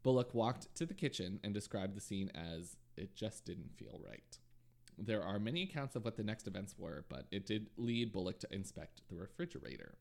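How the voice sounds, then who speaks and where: A man hosts a true crime podcast and tells the case in a relaxed, conversational way, sprinkling in ums and side remarks. His voice is low and gravelly with plenty of vocal fry. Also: fairly quick, few pauses. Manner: relaxed narration with frequent ums and asides. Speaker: podcast host.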